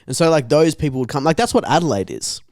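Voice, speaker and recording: A man's voice: on the high side, lively intonation, fast, darkish tone, dry recording, clean studio sound. A young Australian man co-hosting a podcast, chatting casually with crude, swearing, laughing banter. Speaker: podcast co-host. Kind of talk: casual chat.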